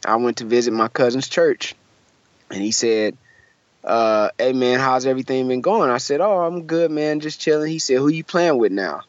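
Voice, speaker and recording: A young male musician from Michigan, USA, guests on a casual interview and tells a story, voicing the people in it and using lots of fillers. His voice is mid-range at normal speed. The recording is dry and muffled.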